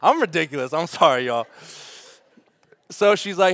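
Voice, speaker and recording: A man, a pastor preaching a sermon with funny family stories and lively asides. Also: fairly high pitch, normal speed, dry recording, clean studio sound. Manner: storytelling with humor, animated asides.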